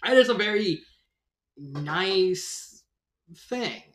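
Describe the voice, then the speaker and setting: A man's voice: high-pitched, expressive, extremely slow, fairly bright tone, roomy sound. A man giving a casual spoken review of a fan story, rambling and often correcting himself mid-sentence. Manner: rambling, self-correcting, lots of "like".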